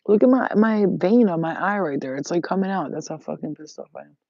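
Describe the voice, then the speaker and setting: Brisk and animated, this spiritual vlogger's gravelly, lowish voice carries an emphatic, profanity-laced monologue that rambles as she addresses viewers. There's no echo, just a dull, dry lo-fi sound.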